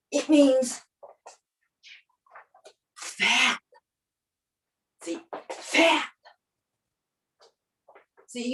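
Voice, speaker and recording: A stand-up comic with a high voice playfully plays teacher, acting out characters with her body. She sounds far from the mic in a roomy, rough recording.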